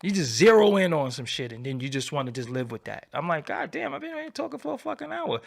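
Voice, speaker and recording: A man hosting a livestream, ranting in a profane, animated, preaching way and repeating his phrases, swinging from low mutters to loud outbursts. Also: quick pace, vocal fry. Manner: swoops between low mutter and loud high bursts. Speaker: livestream host. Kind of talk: unscripted livestream rant.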